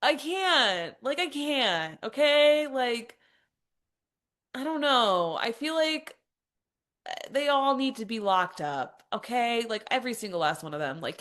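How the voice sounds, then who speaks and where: A woman's voice: sits high, fairly bright tone. A woman hosting a podcast, ranting in an exasperated, mocking, profane way with lots of "like". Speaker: podcast host. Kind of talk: opinionated podcast monologue.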